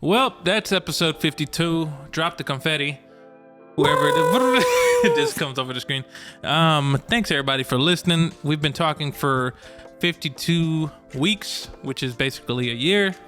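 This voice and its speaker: A man's voice: a little high, normal speed, music in the background. A man co-hosting a podcast in casual chat, laid-back, laughing easily and chipping in with short reactions. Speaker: podcast co-host.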